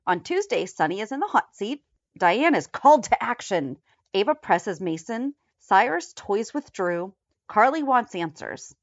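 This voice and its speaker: A chatty woman co-hosting a fan podcast. Her pitch moves a lot as she talks, and she rattles through lists in a quick, matter-of-fact way. The sound is dry and a little dull. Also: very animated, no echo. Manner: chatty, reads episode headlines in a quick list. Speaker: podcast co-host. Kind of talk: casual recap chat.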